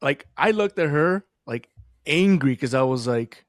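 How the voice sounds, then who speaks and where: A man talking about fatherhood as a podcast guest, in an earnest, animated storytelling way. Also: a little high, unhurried, dry recording, clean studio sound. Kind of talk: casual podcast conversation.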